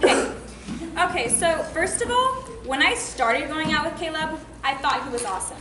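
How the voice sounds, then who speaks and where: A woman's voice: high-pitched, very animated, normal speed. A young woman giving a comic stage monologue in an exasperated, mocking, complaining way. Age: teens to young adult. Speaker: student performer. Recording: echoey room, faint noise.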